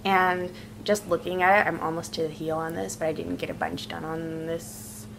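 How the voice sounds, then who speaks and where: A woman's voice: deep voice, little pitch movement, moderate pace, vocal fry, noisy background. A young woman co-hosting a knitting podcast, listing her projects in a casual, matter-of-fact way. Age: young adult. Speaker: podcast co-host, daughter. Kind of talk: casual chat about knitting.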